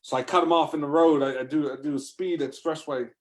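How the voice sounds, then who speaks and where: A man's voice: a little high, fairly even intonation, fast. Male comic storyteller, rambling and profane, prone to sudden over-the-top outbursts. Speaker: comedic storyteller.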